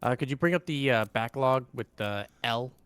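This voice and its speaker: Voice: medium pitch, expressive, normal speed, a bit bright, smooth, no room sound. A co-player chatting casually during a game playthrough, hesitant and full of fillers.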